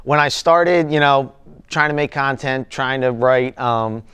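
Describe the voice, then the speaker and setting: Man, young adult, Delaware County accent, relaxed storyteller, smooth resonant voice. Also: medium pitch, measured pace. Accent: Delaware County, Pennsylvania. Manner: relaxed storytelling, many fillers. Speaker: guest, content creator. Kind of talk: casual interview chat.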